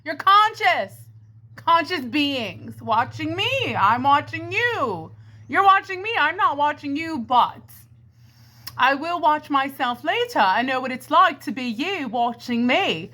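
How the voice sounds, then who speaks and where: High, bright-voiced New woman rambling. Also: big pitch swings, a little slow. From Brooklyn, New York. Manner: theatrical, addresses the audience as "my friends" and "ladies and gentlemen". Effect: karaoke mic echo. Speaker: comedy vlogger. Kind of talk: rambling stream-of-consciousness comedy monologue. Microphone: handheld karaoke microphone.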